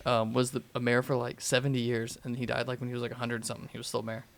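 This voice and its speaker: A man's voice: mid-range voice, flat delivery, fast, creaky. A man from the southern United States, chatting casually as a podcast host and rambling through his stories with many fillers. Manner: rambling, filler-heavy storytelling. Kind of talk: casual chat.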